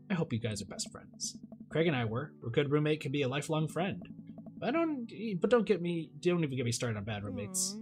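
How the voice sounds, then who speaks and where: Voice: medium pitch, big pitch swings, fairly quick, faint music behind. A streamer playing a dating game, reading the dad's lines aloud with playful joking asides. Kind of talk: let's play with read-aloud dialogue and jokes.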